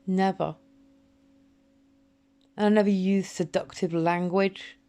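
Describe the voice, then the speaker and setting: A woman talks straight to the camera, bitter and confrontational, swearing as she calls out an absent person. Her delivery is slow and deliberate. A gravelly fry runs through her mid-pitched voice. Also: steady tone, mellow. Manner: addresses an absent person directly. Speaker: vlogger. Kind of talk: emotional direct-to-camera monologue.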